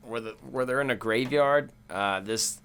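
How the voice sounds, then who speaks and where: A man co-hosting a casual horror podcast, laughing often and mimicking movie lines in an animated voice. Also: medium pitch, normal speed, clear, resonant tone. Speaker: podcast co-host. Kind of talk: casual chat.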